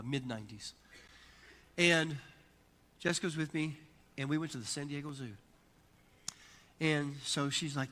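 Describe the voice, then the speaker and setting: Middle-aged pastor preaching, bright ringing voice, lots of hall echo, gets loud and punchy. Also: male voice, fairly high pitch. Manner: emphatic, builds to loud preaching peaks. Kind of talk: sermon with storytelling. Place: church sanctuary. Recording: long church hall reverb.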